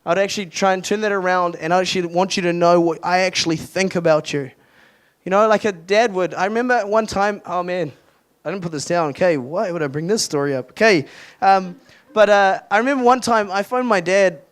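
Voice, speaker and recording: A man's voice: sits high, a little fast, clean tone. A young adult man, a youth pastor, giving a casual, earnest sermon at a retreat with lots of restarts and fillers.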